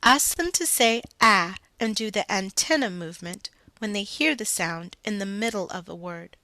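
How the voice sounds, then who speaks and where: A woman reading out a scripted phonics lesson as a reading teacher, slow and deliberate, stressing each sound for the learner. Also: mid-range voice, animated, bright, forceful tone, no echo.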